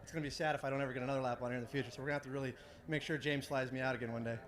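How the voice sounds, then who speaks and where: Fast-talking drift driver. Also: male voice, medium pitch, fairly even intonation, fairly bright tone. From United States. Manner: enthusiastic, laid-back slang. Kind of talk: casual interview. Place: outdoors at a racetrack.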